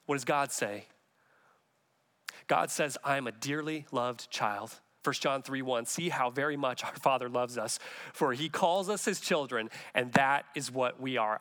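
Bright-voiced pastor preaching earnestly. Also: male voice, on the high side. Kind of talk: sermon.

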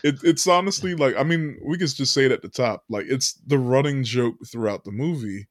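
Man, casual podcast co-host, recaps a film, laughs a lot, acts out quotes, slightly high voice, dry close mic. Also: brisk, no room sound. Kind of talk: casual chat.

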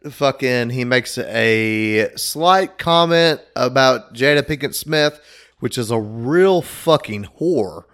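A man's voice: medium pitch, lively intonation, slow pace. A young man hosting a casual podcast, talking loosely and swearing freely. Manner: swearing, loud mock-announcer intro. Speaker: podcast host.

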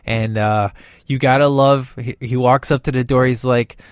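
A man giving a casual, rambling movie review, excited and acting out bits of scenes in quick voices. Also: medium pitch, clean tone, dry recording, studio quality.

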